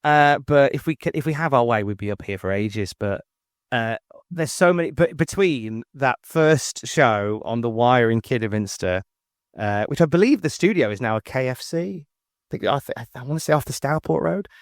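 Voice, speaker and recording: An Englishman in his 40s, a podcast guest, tells rambling stories that keep restarting, jumping up in pitch whenever he quotes someone. He speaks at normal speed on a dry, studio-quality recording.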